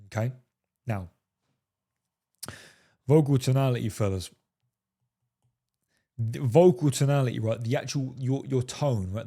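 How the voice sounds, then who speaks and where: A man's voice: medium pitch, unhurried, pauses often, warm tone, husky. A man talking straight to his viewers as a dating coach, emphatic and profane, peppering his talk with "fellas" and "right?". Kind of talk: coaching monologue to camera.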